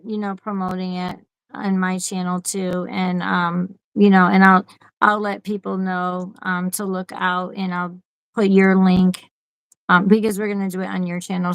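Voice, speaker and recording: A woman guest in a casual chat, friendly and encouraging, with halting speech. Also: mid-range voice, creaky, no room sound, low-quality recording. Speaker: guest collector.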